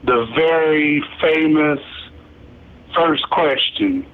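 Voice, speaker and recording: A man's voice: fairly high pitch, extremely slow. A man interviewing a rapper in an easygoing, slangy, joking way. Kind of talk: casual interview chat. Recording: tinny phone-like line.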